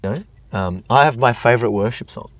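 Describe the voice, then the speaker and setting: A man's voice: mid-range voice, fast talker. A young man telling a long personal story in casual chat, rambling with lots of fillers. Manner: rambling, lots of "like", animated retelling. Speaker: guest.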